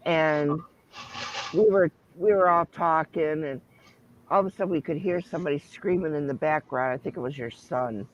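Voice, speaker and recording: A man's voice: on the high side, moderate pace. A man in casual chat, teasing and laughing as he recalls a story. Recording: lo-fi line with faint noise.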